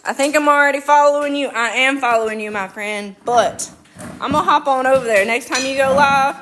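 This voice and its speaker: Middle-aged southern lady chatting on a live while milking goats, highish voice, loud machine noise. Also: fairly quick. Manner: chatty, greets viewers by name, folksy. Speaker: livestream host. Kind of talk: casual livestream chat. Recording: noisy with machine hum. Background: milking machine running.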